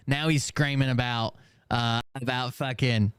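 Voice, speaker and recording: Male commentary host, sarcastic, smooth voice, dry close sound. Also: medium pitch, steady tone, measured pace, fairly bright tone, no room sound. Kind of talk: mocking commentary over clips.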